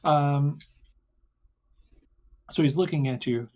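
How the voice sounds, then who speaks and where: Halting man narrating as game master. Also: fairly high pitch, darkish tone. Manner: halting, many fillers. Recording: slightly muffled audio.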